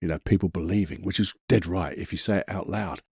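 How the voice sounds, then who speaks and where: A man's voice: low voice, brisk, darkish tone, husky, dry recording, studio quality. A man hosting a solo motivational podcast, talking in a chatty, emphatic way, swearing casually and laughing at himself. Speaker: podcast host.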